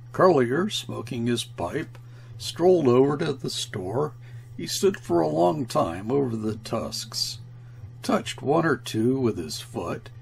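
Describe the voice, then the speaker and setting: A man reading a classic short story aloud in a slow, measured, grave manner. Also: medium pitch, vocal fry, a little hiss or hum. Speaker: audiobook reader. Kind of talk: scripted narration of a classic story.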